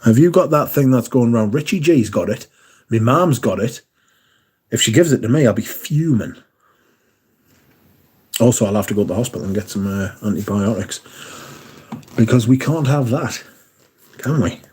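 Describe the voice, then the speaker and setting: Male streamer, sore throat, husky and mellow, loose chatty swearing. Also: mid-range voice, expressive, moderate pace, pauses often. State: lost his voice, sore throat. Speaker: livestream host. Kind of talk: casual chat to viewers.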